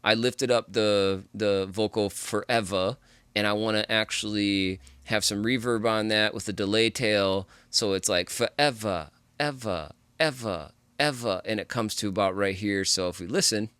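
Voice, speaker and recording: A man hosting a music production tutorial, explaining step by step in a relaxed, casual way as he works. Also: lowish voice, moderate pace, smooth, no room sound. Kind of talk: casual screen-recorded tutorial.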